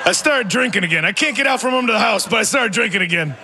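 With some chatter audible behind him, a stand-up comedian in his forties delivers a meandering, self-mocking set on a theater stage before a live audience, laughing through many lines. He sounds high-pitched and animated, talking fast in a sharp tone.

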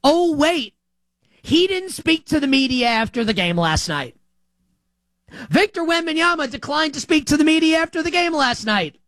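A man hosting a sports opinion show, talking in an animated, sarcastic way. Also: very high-pitched, normal speed, no room sound. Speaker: sports talk host.

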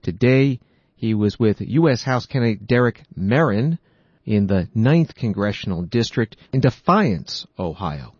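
A man reading scripted news narration in a measured, even way. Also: fairly low pitch, husky, dry recording, dull audio. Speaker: news anchor.

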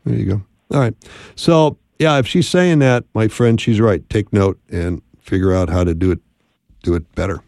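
A man's voice: on the low side, moderate pace, gravelly, darkish tone, dry recording. Man, radio call-in host, dry studio mic, upbeat greetings, folksy advice.

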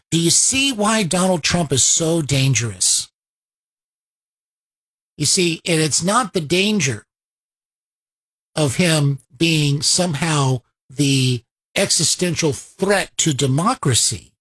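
Husky-voiced, sarcastic political commentator. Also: medium pitch, fairly bright tone. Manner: rhetorical questions, sarcastic quoting of opponents. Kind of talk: opinionated commentary on a played clip.

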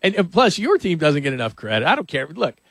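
A man's voice: on the high side, big pitch swings, creaky, a bit bright, no room sound. A man hosting a sports radio show, talking loosely and laughing often in casual chat. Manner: loose, rambling, quick to laugh.

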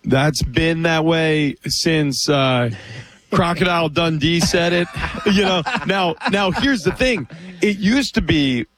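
A man from the United States co-hosting a casual sports talk show, measured and explanatory. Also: a little high, a bit bright.

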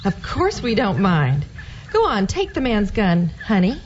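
An actress playing a coy, sugary-sweet young wife with a teasing manner, in a radio drama. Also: female voice, medium pitch, huge pitch swings, measured pace, a little mellow, slight background noise. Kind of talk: 1940s radio acting. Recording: dull lo-fi radio recording.

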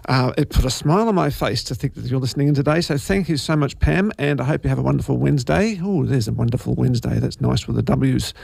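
A man's voice: mid-range voice, fast, vocal fry, few pauses, darkish tone, slightly rough, dry recording. A man presenting community radio in a rambling, chatty way full of fillers and asides.

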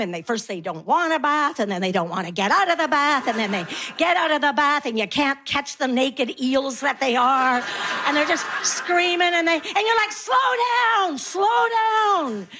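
A woman's voice: high voice, expressive, moderate pace, sharp tone, slight background noise. A woman in her sixties doing a stand-up comedy set, telling wry stories and acting out the people in them. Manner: wry storytelling, acts out quoted voices.

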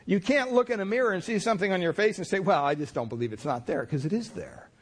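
Storytelling male pastor, a bit high-pitched. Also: animated, fast, breathy edge. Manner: folksy storytelling with many restarts and voiced quotes. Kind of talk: sermon.

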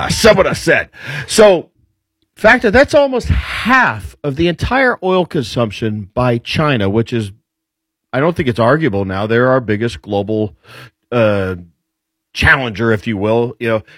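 A man speaking as a guest commentator on military affairs, laying out his points in a lively, rambling way. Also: mid-range voice, slightly rough, no echo. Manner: lively explainer, rambling with restarts. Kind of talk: casual political talk.

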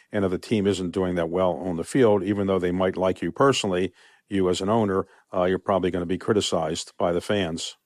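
An older man speaking as a guest in a radio interview, measured and conversational. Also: low voice, darkish tone, no echo, studio quality. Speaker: interview guest, team owner.

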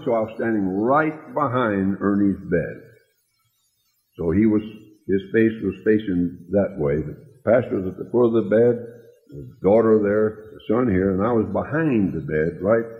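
A man preaching, telling a tender story slowly and dropping soft and low when he quotes people. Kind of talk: sermon storytelling. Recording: tinny lo-fi recording in a long-echo hall.

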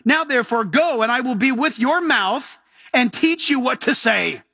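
A preacher voicing God, firm and commanding. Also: male voice, extremely high pitch, expressive, normal speed, bright, forceful tone, no room sound, clean studio sound, exaggerated voice. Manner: emphatic, insistent commands.

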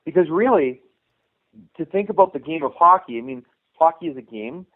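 A man's voice: a little high, expressive, moderate pace. A middle-aged man and youth hockey coach, telling rambling anecdotes in a casual interview and acting out the dialogue he quotes. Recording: tinny phone line.

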